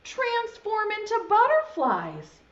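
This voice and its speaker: A woman's voice: very high voice, wildly swooping pitch, slow pace, voice pushed up, full character voice. A woman voicing a patient but exasperated caterpillar friend who gives firm, clipped answers. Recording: dull echoey room sound.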